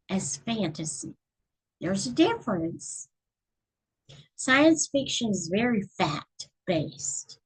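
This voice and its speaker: A middle-aged woman from Texas hosts a relaxed live stream, chatting with whoever drops by. She talks at an unhurried pace with a slightly husky voice. Now and then she counts stitches aloud as she crochets. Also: a little high, low-quality recording. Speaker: channel host reading books. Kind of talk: casual live-stream chat.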